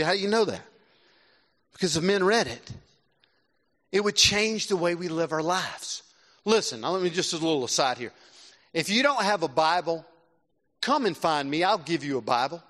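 A middle-aged man from South Carolina preaching a sermon, animated and swinging between loud exclamations and hushed earnest tones. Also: sits high. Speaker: visiting preacher. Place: large church with long reverb. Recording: reverberant church hall.

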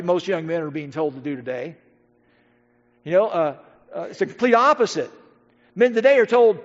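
A man preaching a sermon, swinging between loud emphatic lines and hushed, quiet passages. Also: high-pitched. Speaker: pastor. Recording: dull audio with long hall reverb.

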